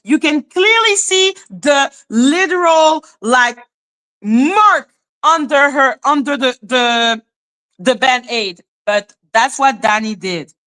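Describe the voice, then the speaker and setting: Bright-voiced woman ranting on a livestream. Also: high voice, lively intonation, takes it slowly. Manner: heated, rambling, full of "like" fillers. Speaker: livestream host. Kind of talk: casual livestream rant.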